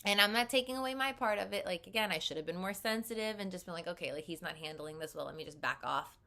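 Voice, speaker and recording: A woman's voice: fairly low pitch, animated, fast talker, sharp tone. A young woman vlogger candidly telling a personal story in a conversational way, often saying "like".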